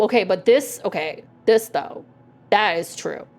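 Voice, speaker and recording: A woman in her forties streaming a game and talking to her chat, loose and profane with a wry edge. Her voice has a gravelly fry, and faint music plays behind her. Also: medium pitch, animated, unhurried. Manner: profane, wry, reading game text aloud. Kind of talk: casual gameplay commentary.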